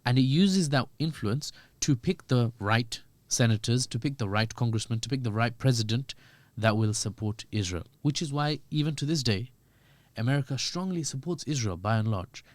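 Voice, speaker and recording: Male guest, mid pitch, dry booth sound, chatty commentary that jokes and acts out voices. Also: normal speed, no echo. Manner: animated, joking, acts out quoted voices. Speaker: podcast guest. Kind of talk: conversational political commentary.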